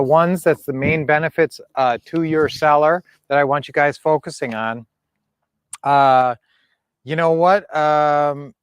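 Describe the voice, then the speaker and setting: A man's voice: mid-range voice, no room sound. A middle-aged man hosting a casual real estate coaching stream, talking in a rambling, folksy way full of fillers.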